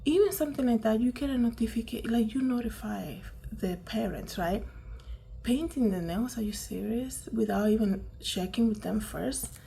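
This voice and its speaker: A woman's voice: a little high, moderate pace, creaky, warm tone. A woman giving casual, indignant commentary, full of fillers and rhetorical "right?" questions. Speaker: commentary vlogger.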